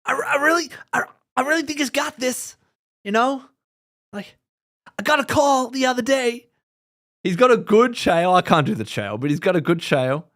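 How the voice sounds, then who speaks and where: A man's voice: very high-pitched, lively intonation, moderate pace, a bit bright. A man hosting a casual podcast livestream, chatting animatedly and laughing often. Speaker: podcast host. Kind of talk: casual live-stream chat.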